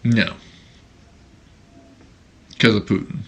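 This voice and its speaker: Bright-voiced joking male podcast host. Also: very slow. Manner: joking, teasing banter. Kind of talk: casual podcast chat.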